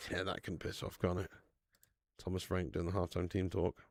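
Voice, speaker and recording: Man, football watch-along streamer, gravelly voice, casual sweary banter with loud shout-outs. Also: low voice, level tone, measured pace, no room sound. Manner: casual and sweary, with loud bursts of hype thanking viewers. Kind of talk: live football watch-along chat reading out viewer tips.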